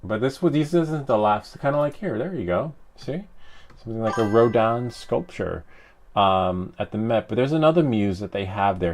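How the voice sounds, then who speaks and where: This live streamer and 3D printing hobbyist has a lowish, animated voice and talks at normal speed. He chats casually with his viewers, rambling and teasing, with plenty of fillers and chuckles.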